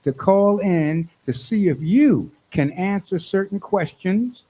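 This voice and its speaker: A man hosting a radio show in a studio, excitable and fond of repeating his lines for emphasis. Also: sits high, slow, low-quality recording. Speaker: radio host.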